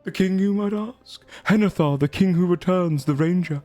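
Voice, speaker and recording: A man's voice: high-pitched, moderate pace, a little mellow, soft background music. A man running a tabletop game as game master, narrating lore theatrically.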